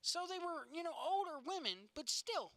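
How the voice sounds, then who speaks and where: A woman's voice: extremely high pitch, sing-song, normal speed, a bit bright, dry recording. A woman co-hosting a casual chat show, telling stories animatedly and swearing freely. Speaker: podcast co-host.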